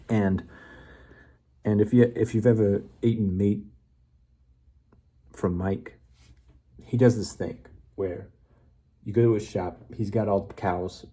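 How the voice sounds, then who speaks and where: Man, casual rambling monologue, playful, self-correcting, mellow, husky. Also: lowish voice. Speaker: vlogger. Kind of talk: casual rambling monologue building a memory story.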